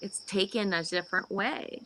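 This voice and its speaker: A woman's voice: mid-range voice, moderate pace, sharp tone, slight background noise, poor audio. A woman from Canada speaks in an average mid-range voice. She talks loosely, sprinkling "like" through her sentences. It is easygoing group voice chat. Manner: casual, full of "like".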